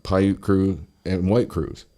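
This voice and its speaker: Guy with a real low voice swearing his way thru a work story on a podcast, doing the voices. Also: slow. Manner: profane, animated, acts out quoted people. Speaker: podcast host. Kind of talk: casual storytelling chat.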